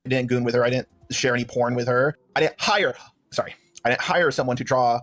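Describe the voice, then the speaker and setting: A man's voice: mid-range voice, brisk, a bit bright. A man on a recorded call defending himself, hedging with fillers. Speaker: interview guest. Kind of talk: defensive conversation.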